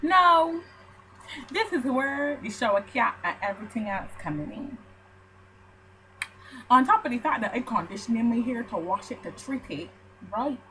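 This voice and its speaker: A young woman with a Barbadian accent chats straight to her camera, spinning a story into an animated rant. Her voice sits on the higher side and leaps around. A faint hiss runs under the recording. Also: moderate pace, pauses often, rough recording. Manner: animated storytelling, ranting with mock outrage. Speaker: vlogger. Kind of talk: casual chat to camera.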